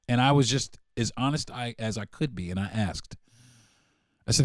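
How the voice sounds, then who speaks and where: A podcast host, a man, telling a story in a casual, animated, profane way and acting out the dialogue. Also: medium pitch, normal speed, no echo, clean studio sound.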